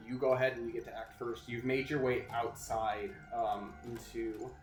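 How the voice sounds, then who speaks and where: A man running a tabletop game as game master, narrating casually with many halting fillers. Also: medium pitch, level tone. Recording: echoey room with faint music.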